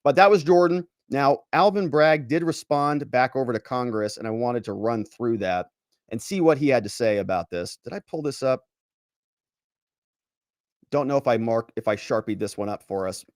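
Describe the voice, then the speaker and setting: A man hosting a solo legal commentary show, animated and sarcastic as he reads and picks apart a letter. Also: medium pitch, moderate pace, dry recording, studio quality. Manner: animated and sarcastic, mocks quoted officials in pompous voices. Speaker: lawyer commentator, show host.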